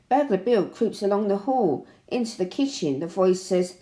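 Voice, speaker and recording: A woman reading a children's picture book aloud in an expressive, animated way. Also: medium pitch, measured pace, hardly any pauses. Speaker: storybook reader. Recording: roomy echo.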